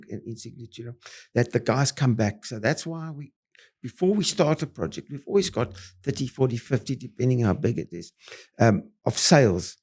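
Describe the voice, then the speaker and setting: A man's voice: mid-range voice, slightly rough. An older man with a South African accent, a property developer being interviewed, who tells his stories in short, punchy bursts full of fillers and restarts. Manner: animated, punchy storyteller with many fillers and restarts. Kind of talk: interview storytelling.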